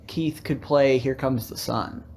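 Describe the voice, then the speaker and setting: A man's voice: mid-range voice, fairly even intonation, unhurried, a little mellow. A man co-hosting a casual debate chat, playful and teasing, slipping into storytelling. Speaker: co-host.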